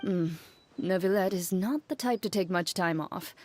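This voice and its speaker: A woman voicing a calm, reserved woman in a game who speaks in a level, matter-of-fact way. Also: fairly low pitch, normal speed, no echo, close to an everyday voice. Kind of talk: game voice acting.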